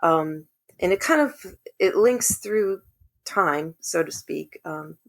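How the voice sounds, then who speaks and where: Woman, low gravelly voice, earnest storyteller, podcast guest. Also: slow pace. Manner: earnest, animated when quoting others. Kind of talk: casual storytelling conversation.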